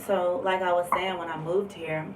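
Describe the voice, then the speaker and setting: A woman's voice: fairly low pitch, little pitch movement, moderate pace. A woman telling a personal story on a vlog, candid and emphatic, with lots of fillers. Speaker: vlogger. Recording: roomy echo, distant mic, faint background noise.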